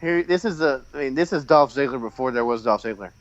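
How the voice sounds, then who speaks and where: A man co-hosting a podcast, chatting casually while watching wrestling and reacting with excited outbursts and frequent laughter. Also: medium pitch, quick pace, slight background noise. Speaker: podcast co-host. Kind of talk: casual watch-along chat. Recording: dull lo-fi recording.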